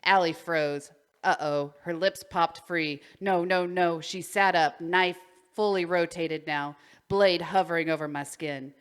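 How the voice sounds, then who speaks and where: A woman's voice: deep voice, steady tone, a little slow, clear, resonant tone. A woman co-hosting a podcast, reading a story aloud, stumbling over words and breaking into giggles. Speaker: podcast co-host.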